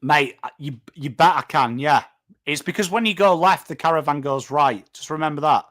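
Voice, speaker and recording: Chatty northern English man with bright tone. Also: on the high side, moderate pace. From England. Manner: chatty, rambling, swears casually, reads chat names. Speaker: watchalong host. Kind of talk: casual live-stream chat.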